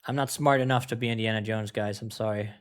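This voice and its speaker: A man's voice: lowish voice, fairly even intonation, quick pace, over music. A young man from Denmark, joking and swearing casually while reacting to a cartoon. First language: Danish. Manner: chatty, joking, swears often, laughs a lot. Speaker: reaction video host.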